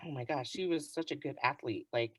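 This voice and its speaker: A woman co-hosting a podcast in casual chat, talking in an animated way and filling her sentences with "like". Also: rumbling low, fairly quick, husky, no room sound. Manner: animated, chatty, heavy use of "like". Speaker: podcast co-host.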